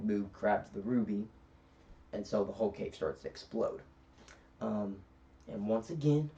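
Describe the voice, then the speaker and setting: A man's voice: fairly low pitch, mellow. A man giving a casual film review, retelling scenes in a rambling way with many fillers. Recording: distant, dull lo-fi recording.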